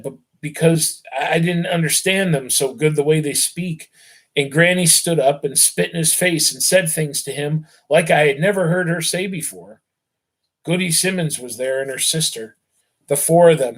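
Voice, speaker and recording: A male teacher on a live stream who recaps a novel for his students with casual fillers, then reads the story aloud steadily and with feeling. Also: a little high.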